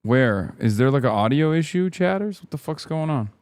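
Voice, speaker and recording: A man's voice: a little high, animated, moderate pace, darkish tone, no echo, studio quality. Profane, ranting male streamer. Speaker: streamer reacting to a video. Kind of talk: casual livestream commentary.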